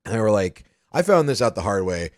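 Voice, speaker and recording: A man's voice: lowish voice, big pitch swings, brisk, darkish tone, no room sound, studio quality. A man in his thirties co-hosting a podcast, telling stories in a rambling way full of restarts and "like". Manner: rambling storyteller, many restarts and "like". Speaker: podcast co-host. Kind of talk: casual chat.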